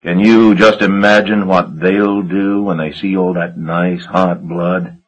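A man doing a flat, quiet knife-wielding henchman. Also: low-pitched, slow pace, muffled recording. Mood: threatening. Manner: flat, quiet, threatening drawl. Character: sly, menacing male henchman with a knife.

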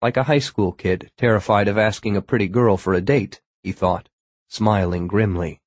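Steady and measured, a low-voiced male narrator delivers scripted audiobook storytelling with no room sound.

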